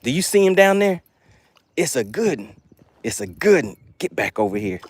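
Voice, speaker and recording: A man's voice: on the high side, very animated, normal speed, dry recording. A man hosting a live fishing stream from a boat, joking with chat and hyping his catches with made-up words. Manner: playful, hypes catches with made-up words, reads viewer comments aloud. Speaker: fishing livestream host. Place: outdoors on a boat on a lake.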